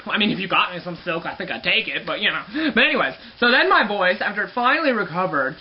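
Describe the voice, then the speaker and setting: A man with a high, girlish voice telling a personal story to camera in a playful, dramatic, sassy way. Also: big pitch swings, fast, highs cut off, slight background noise. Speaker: vlogger.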